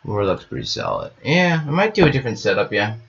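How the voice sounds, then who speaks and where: A man's voice: on the low side, wildly swooping pitch, fast talker, gravelly, a bit bright. A man commenting casually on his card game, rambling and repeating little stock phrases, with the odd goofy joke. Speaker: gaming streamer. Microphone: webcam setup at home. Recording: slightly dull lo-fi sound.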